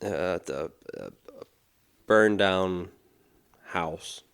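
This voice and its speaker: A man's voice: low-pitched, very slow, a bit bright, smooth. A man co-hosting a podcast, telling a story in casual chat and laughing at his own tale. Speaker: podcast co-host.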